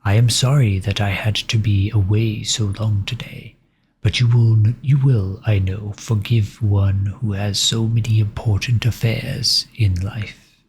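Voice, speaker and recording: A man's voice: fairly low pitch, steady tone, slightly rough, full character voice. A man whispering as a courtly vampire count. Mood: courtly, ominous. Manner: soft, measured, formal old-fashioned speech. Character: courteous old aristocratic male vampire count, quietly menacing. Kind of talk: whispered role-play.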